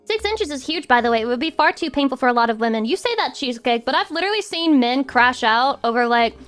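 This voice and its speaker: A young adult woman streamer chatting casually with viewers in a playful, teasing way, with sudden squeaky outbursts. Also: animated, quick pace, a bit bright. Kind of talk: casual chat reacting to viewers. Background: faint music.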